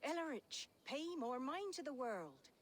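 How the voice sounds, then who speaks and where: A woman's voice: high voice, very animated, measured pace, slight background noise. An actress playing a proud, defiant mother in a video game, speaking in a strong-willed, old-fashioned way.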